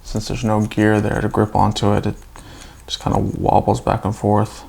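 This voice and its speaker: A man's voice: lowish voice, completely flat delivery, normal speed, creaky, darkish tone, slight background noise. A man casually talking through a toy build, chatty with self-mocking asides.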